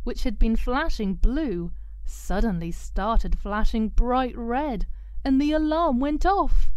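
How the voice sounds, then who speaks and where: A woman narrating a children's story aloud in a gentle, expressive way. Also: fairly high pitch, slow pace, smooth, no room sound.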